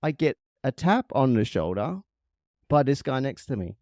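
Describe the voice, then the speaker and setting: A man's voice: medium pitch, sing-song, moderate pace, a little mellow, no room sound, studio quality. A man co-hosting a casual podcast, telling a story in a blunt, profane, teasing way.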